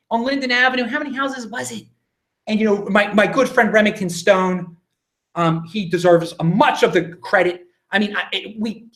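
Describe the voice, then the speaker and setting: A man in his thirties from Baltimore, hosting a casual live Q&A at home, rambling and excitable with many restarts. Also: high-pitched. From Baltimore, USA. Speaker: livestream host answering viewer questions. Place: home, indoors.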